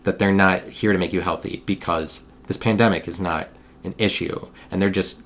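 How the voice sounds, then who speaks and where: A young man hosting a solo podcast, talking in a meandering monologue with frequent restarts, sometimes getting loud when riled. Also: sits low, steady tone, moderate pace. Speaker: podcast host.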